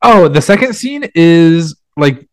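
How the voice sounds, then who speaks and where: A man's voice: fairly high pitch, expressive, slow pace, no echo, clean studio sound. A young man co-hosting a podcast, chatting casually about a film and peppering his talk with fillers. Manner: rambling, heavy with "like" fillers. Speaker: podcast co-host. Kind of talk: casual film review chat.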